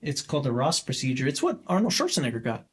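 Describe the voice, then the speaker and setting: A man in his forties telling a personal story as a podcast guest, halting and rambling with many fillers and restarts. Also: medium pitch, huge pitch swings. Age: 40s. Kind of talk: casual storytelling interview.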